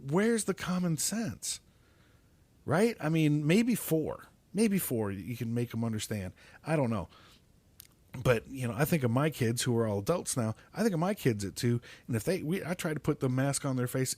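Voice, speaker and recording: A man's voice: medium pitch, very animated, normal speed, darkish tone, no echo. Angry, cursing middle-aged man ranting. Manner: angry, swearing constantly, stumbling over words. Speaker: podcast host. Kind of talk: profane ranting monologue.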